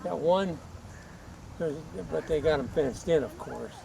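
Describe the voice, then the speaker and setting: Gravelly man giving directions outdoors. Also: on the high side. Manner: halting, restarts his sentences. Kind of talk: casual chat. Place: outdoors by a river. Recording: outdoor noise around the voice.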